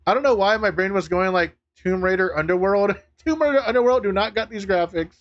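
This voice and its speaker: A man streaming live, chatting casually to viewers, laughing often, swearing and getting excitable. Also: high-pitched, fairly quick, dull audio.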